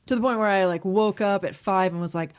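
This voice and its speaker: A woman filmmaker chatting as a podcast guest, telling stories in an animated way and swearing freely. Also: medium pitch, fairly quick, clean tone. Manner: animated storyteller, acts out quotes, swears freely. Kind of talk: casual podcast chat.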